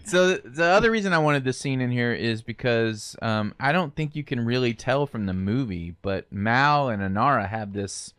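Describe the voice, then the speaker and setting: A man's voice: mid-range voice, moderate pace, hardly any pauses, clear, resonant tone, dry recording, studio quality. Rambling man on a movie podcast. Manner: rambling, animated storytelling. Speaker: podcast co-host. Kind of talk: casual movie chat.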